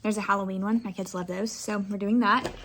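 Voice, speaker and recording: A woman's voice: mid-range voice, fairly even intonation, fairly quick, a bit bright, a little hiss or hum. Young female teacher, lilt, rambling chatty vlogger delivery. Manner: chatty, rambling, many "like"s and "anyways". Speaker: elementary school teacher. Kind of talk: casual day-in-the-life vlog talk.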